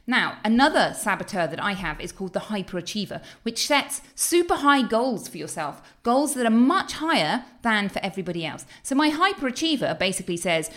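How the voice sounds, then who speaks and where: A middle-aged woman coaching her audience on positive thinking, at an ordinary, medium pitch. She talks in an expressive, animated way, often breaking into exclamations. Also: a little fast. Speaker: health and weight-loss coach. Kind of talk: motivational talk to camera.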